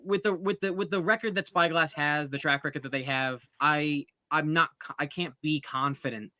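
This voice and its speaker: Bright, dry-voiced ranting man. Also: on the high side, steady tone, moderate pace, dry recording. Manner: blunt, ranting, swears freely. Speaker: podcast panelist. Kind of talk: casual movie chat.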